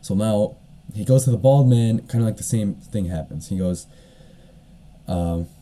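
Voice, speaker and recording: A man's voice: on the low side, unhurried, dark tone. A man hosting a solo podcast, retelling a story in a casual, rambling way with lots of fillers and the odd cough. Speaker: podcast host.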